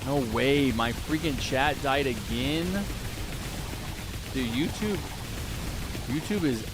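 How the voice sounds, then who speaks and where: A man's voice: mid-range voice, slow pace, noisy background. A man live-streaming a game, chatting casually and answering viewers' messages aloud.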